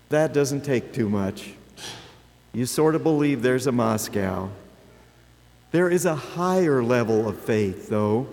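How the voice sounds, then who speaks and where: A man in his seventies delivering a sermon, slow and deliberate, with rhetorical questions for the congregation. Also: medium pitch, a little mellow, long reverb tail. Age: 70s. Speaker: preacher.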